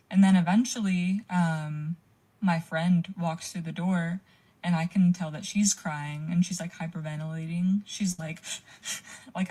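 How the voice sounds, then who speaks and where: A young woman relates a frightening experience of her own as a caller, her voice low and mellow. She keeps it casual, peppering the story with "like" and swearing.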